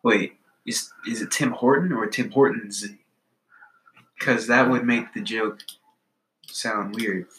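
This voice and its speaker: Bright-voiced man rambling through jokes. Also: on the low side, slow pace, pauses often, roomy sound, slight background noise, poor audio. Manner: rambling, self-interrupting, playful. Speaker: co-host reading jokes. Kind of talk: casual comedic chat.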